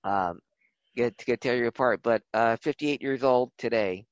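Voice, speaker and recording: Man, podcast co-host, rambling relaxed delivery, dry close sound, mid pitch. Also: moderate pace, clear, resonant tone, no echo, dull audio. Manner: relaxed storyteller, many fillers and restarts. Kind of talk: casual chat.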